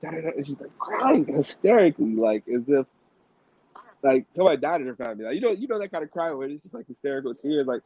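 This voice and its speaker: The podcast host's mid-range voice is sing-song and breathy at the edges, moving at a quick clip. He tells a loose, rambling story full of slang, fillers, and restarts, captured as dry, tinny, phone-style audio with no echo.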